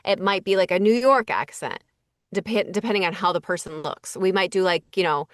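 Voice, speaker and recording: A woman's voice: medium pitch, brisk, dry recording. A woman in casting chats easily about her work, piecing her thoughts together as she goes, with plenty of "like" and "um". Her voice sits in a middle range. It is recorded close and dry, with little room sound. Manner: relaxed, thinks aloud with many fillers. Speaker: voice director and casting associate. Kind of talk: casual interview conversation. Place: Los Angeles.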